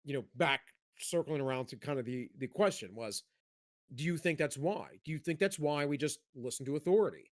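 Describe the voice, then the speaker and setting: A man rambling through a casual podcast chat, his voice rising and falling a lot. He sits a little high for a man and keeps restarting his sentences as he goes. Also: a little fast. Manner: rambling, animated, many restarts. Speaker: podcast co-host.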